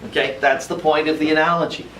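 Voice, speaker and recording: A man teaching a class in a playful, animated way and joking with his students. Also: a little high, quick pace. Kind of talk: classroom lecture. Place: school classroom. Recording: echoey classroom, mic far off, noisy.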